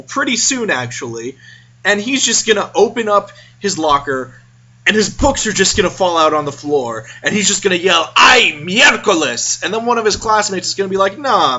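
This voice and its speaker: Guy telling a funny story to his camera, kinda high and bright, joking asides, muffled lo-fi sound. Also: slightly rough. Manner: chatty, self-aware asides and pop-culture jokes. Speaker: vlogger. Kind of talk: casual comic storytelling to camera.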